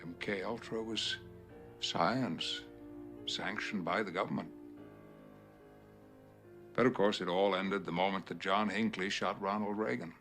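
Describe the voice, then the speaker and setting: A cold, clinical scientist behind secret experiments in a film scene. His voice sits very low and his delivery is slow and measured. Loud music plays under the dialogue. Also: steady tone. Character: cold older male scientist behind mind-control experiments. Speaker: film character.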